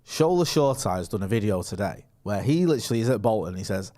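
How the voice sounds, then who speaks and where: A man's voice: fairly low pitch, expressive, quick pace, dark tone. Chatty man reading out live chat. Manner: chatty, reads out viewer comments, laughs often. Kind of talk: casual live-stream chat.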